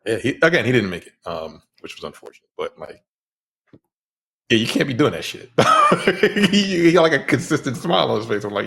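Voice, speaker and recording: Casting note: male podcast co-host, gravelly and husky, lively pitch, laid-back storyteller. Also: brisk. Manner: laid-back storytelling, laughs through his words. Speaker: podcast co-host, former Marine. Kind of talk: casual film review chat.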